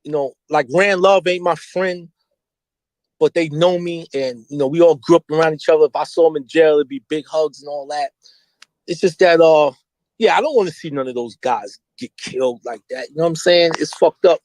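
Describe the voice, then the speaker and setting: A man's voice: a little high, normal speed, poor audio. A middle-aged man, telling street stories candidly and with lots of slang as an interview guest. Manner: animated, slangy, mimics voices when quoting.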